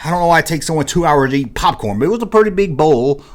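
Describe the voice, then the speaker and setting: A man's voice: on the high side, animated, quick pace. A man hosting his own video, telling a story casually and acting out scenes with sound effects. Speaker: vlog host.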